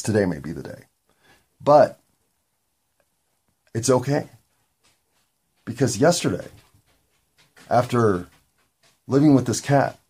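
A man with a gravelly voice hosting a podcast, talking in a candid, meandering solo monologue with occasional swearing. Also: lowish voice, a little mellow. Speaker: podcast host.

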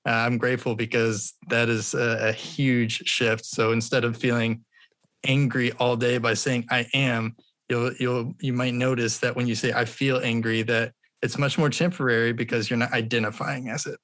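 A man's voice: mid-range voice, level tone, normal speed, a bit bright. A man who is a podcast guest, talking in a friendly way with a slight stammer and offering practical tips. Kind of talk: casual podcast conversation.

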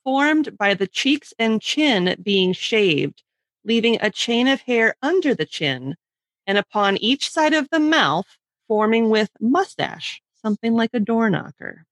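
A woman co-hosting a podcast, speaking in a dry, matter-of-fact way as she reads out definitions. Her pitch moves freely, and the recording is close and dry. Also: sing-song, measured pace, no echo. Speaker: podcast co-host. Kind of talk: casual chat.

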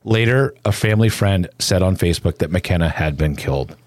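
A man narrating a somber news report in a solemn, measured way. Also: deep voice, lively intonation, darkish tone, no echo, studio quality.

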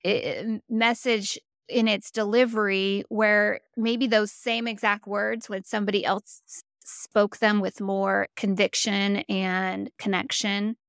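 A woman's voice: medium pitch, level tone, takes it slowly, hardly any pauses, fairly bright tone, smooth, no echo, clean studio sound. A woman hosting a podcast interview, asking questions in a thoughtful, conversational way. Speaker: podcast host.

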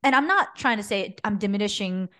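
A mother and podcast co-host speaking candidly in casual chat, telling stories in an animated way with frequent fillers. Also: medium pitch, a little fast, no room sound, studio quality.

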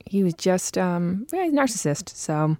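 A woman in her thirties telling a story in casual chat, animated, acting out quotes and laughing often. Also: fairly low pitch, moderate pace, no echo. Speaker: guest.

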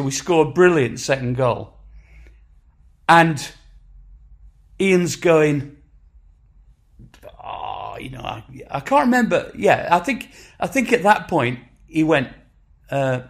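A man's voice: a little high, unhurried. Chatty older man with a Sheffield accent. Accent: Sheffield English. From England. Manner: animated anecdote-telling with acted quotes and frequent restarts. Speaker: musician guest. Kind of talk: casual chat, storytelling.

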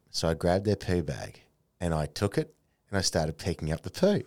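Lively Australian man telling stories. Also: low-pitched, a little fast. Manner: animated storyteller, colourful slang. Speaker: podcast host. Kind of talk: casual chat.

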